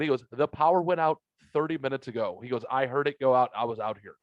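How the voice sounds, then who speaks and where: A man co-hosting a podcast, telling profane, exaggerated comic stories in a casual, animated way. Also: medium pitch, fast talker, hardly any pauses, dry recording, muffled recording. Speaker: podcast co-host. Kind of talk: casual comedic storytelling.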